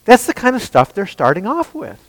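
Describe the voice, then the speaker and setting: A man preaching a sermon in an emphatic way, asking his listeners rhetorical questions and swinging between loud and hushed passages. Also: high-pitched, huge pitch swings, fairly quick, no room sound, poor audio.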